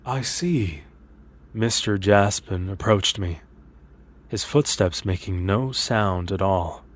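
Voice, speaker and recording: Male horror narrator, low voice, steady and measured scripted reading.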